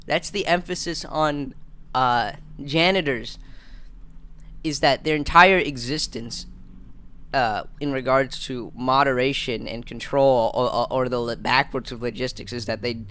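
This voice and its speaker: A man's voice: medium pitch, measured pace, bright, forceful tone, smooth. A man in his twenties hosting a live stream, rambling and stammering through casual jokes. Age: 20s. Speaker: livestream host.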